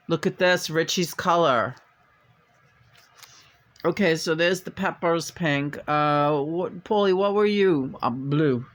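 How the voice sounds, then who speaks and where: While doing a tarot reading, a man chats in a casual, playful way, hesitating and rambling and occasionally slipping into a meowing sing-song. His voice is slightly high, slow, and fairly bright.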